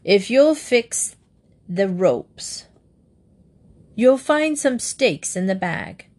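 A woman reading a storybook aloud and voicing a gruff, blustering old male sea admiral who roars and growls. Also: mid-range voice, expressive, very slow, darkish tone. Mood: roaring. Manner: roaring, growling.

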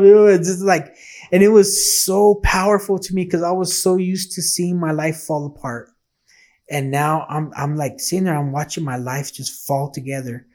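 A man's voice: on the high side, fairly even intonation, moderate pace, a little mellow. A man telling his faith testimony in a casual, earnest and emotional way, acting out the dialogue he quotes.

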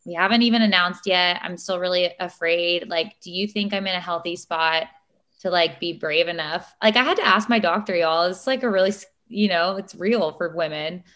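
A woman's voice: fairly low pitch, moderate pace, a bit bright. A tired woman, co-hosting a podcast and telling a story casually with lots of fillers. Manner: chatty, emotional storytelling with many fillers. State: tired, short on sleep. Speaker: podcast co-host. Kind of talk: casual chat.

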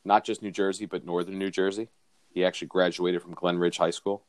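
A man's voice: deep voice, little pitch movement, fairly quick, dry recording. A man co-hosting a podcast, chatting in an opinionated way about movies. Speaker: podcast co-host. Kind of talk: casual chat.

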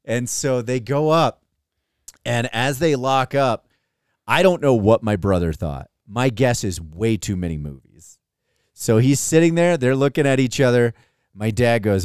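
A podcast co-host spins a rowdy family tale, laughing and cursing as he goes. His voice leaps up and down with lively swings in pitch. The sound is dry and close, with no room echo. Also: a little slow, clear, resonant tone. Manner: animated, profane, laughs while telling stories. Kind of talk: casual storytelling chat.

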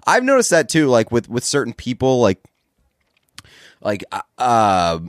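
A man's voice: mid-range voice, wildly swooping pitch, unhurried, no echo, studio quality. A young man from the Boston area with a slight Boston accent, co-hosting a podcast in laid-back chat. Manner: laid-back, chimes in with short remarks. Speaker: podcast co-host. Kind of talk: casual chat.

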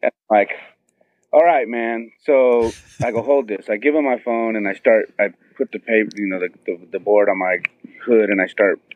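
A middle-aged man excitedly telling a long story and acting out what everyone said, heard over a phone line. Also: fairly low pitch, moderate pace. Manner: excited, tells it with many quoted voices. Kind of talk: animated storytelling on a phone call. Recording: tinny phone line, dry.

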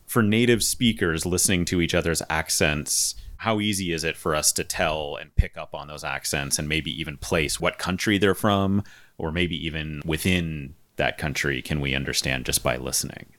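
Casting: American male host, low voice, friendly and curious. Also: moderate pace, a bit bright. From United States. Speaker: podcast host. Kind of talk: casual podcast chat.

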